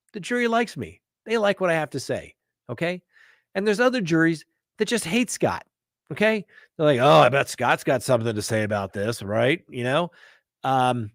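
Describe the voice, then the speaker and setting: A middle-aged man answers viewer questions on a live stream, punchy and emphatic, tagging his points with "okay?" and "right?". His voice sits at an ordinary male pitch and sounds dry and close, with little room around it. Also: dry recording. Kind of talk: live Q&A chat.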